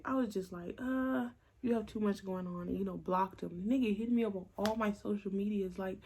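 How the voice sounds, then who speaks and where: A young woman with a gravelly, creaky voice telling a story to her viewers in a casual vlog. She is blunt and profane, and acts out the other people in the story with quick quoted voices. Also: mid-range voice, mellow. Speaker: vlogger.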